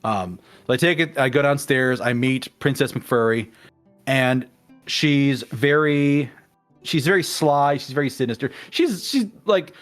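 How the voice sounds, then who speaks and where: A man's voice: medium pitch, unhurried, soft background music. A man in a casual conversation, telling a long game story and acting out the characters' lines as he goes. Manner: animated storyteller acting out quotes. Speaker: guest in a game discussion.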